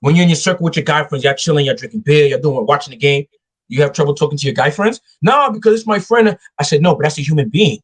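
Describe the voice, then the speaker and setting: A man's voice: a little high, rapid-fire, slightly rough. A man hosting a live talk show, giving casual dating advice and acting out quoted voices as he tells stories. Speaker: show host.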